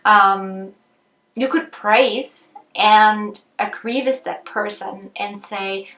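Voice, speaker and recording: A woman teaching about empathy in a relaxed, conversational way, thinking aloud with frequent ums and restarts. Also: mid-range voice, drawn-out words. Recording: roomy echo.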